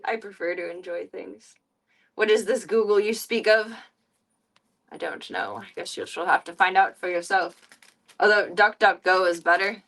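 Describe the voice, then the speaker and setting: A woman's voice: medium pitch, fairly even intonation, moderate pace, a bit bright. Playful giggly woman streamer, off-mic. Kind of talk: casual live-stream chat. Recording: voice a bit distant from the mic.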